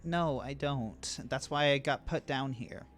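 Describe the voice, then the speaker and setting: A game master voicing a timid, anxious young boy who talks in halting, hesitant bursts. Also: medium pitch, soft background music, close to an everyday voice. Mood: worried.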